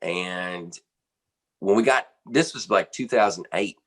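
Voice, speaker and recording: A drummer from the United States, interviewed as a guest musician, tells a casual, rambling story packed with fillers and restarts. His voice is low and slow with a fairly bright tone.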